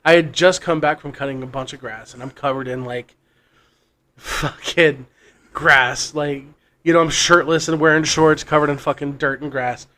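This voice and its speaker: A man's voice: fairly high pitch, steady tone, normal speed, bright, forceful tone. A man co-hosting a podcast, telling a long story casually in a rambling, profane way. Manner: rambling and profane, with frequent restarts and laughs. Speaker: podcast co-host.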